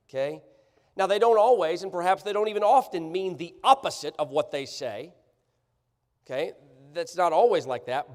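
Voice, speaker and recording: Animated preacher in a reverberant church. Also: male voice, high-pitched. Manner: animated, sarcastic, checks in with the congregation often. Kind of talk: sermon. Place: church sanctuary. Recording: church livestream, long hall reverb.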